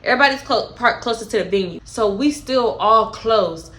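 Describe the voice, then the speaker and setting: A young woman telling a story in a casual vlog, animated and profane, with dramatic retellings. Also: on the high side, normal speed. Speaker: storytime vlogger.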